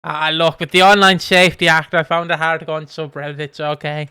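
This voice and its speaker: A man's voice: on the high side, flat delivery, fairly quick, sharp tone, smooth, no echo. A man co-hosting a casual podcast chat, rambling with fillers and easy laughs. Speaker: podcast co-host.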